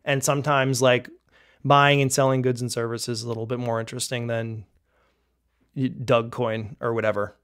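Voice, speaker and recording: A man's voice: mid-range voice, flat delivery, moderate pace, fairly bright tone, smooth. A young man from Canada co-hosting a tech podcast, chatty and joking, poking fun at himself. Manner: chatty, joking, self-deprecating. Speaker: podcast co-host. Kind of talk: casual podcast chat.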